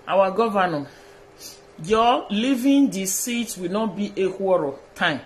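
A man from Edo State, Nigeria, with a Nigerian accent, recording a direct-address video message. He pleads in a deferential way, repeats his phrases and mixes pidgin with colloquial English. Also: sits high. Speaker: social media personality.

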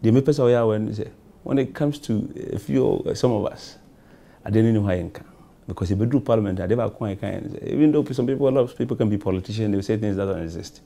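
Ghanaian man, low and gravelly. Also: fast, warm tone. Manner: rambling, repetitive, loose answers. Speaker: member of parliament, guest. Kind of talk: talk show interview, mixing English and Twi.

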